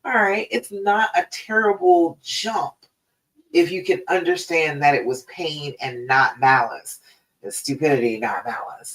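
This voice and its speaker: Her low-pitched voice comes from well back from the mic as she hosts a relaxed, talkative live stream as a relationship coach. She keeps asking listeners "all right?", and the recording is rough.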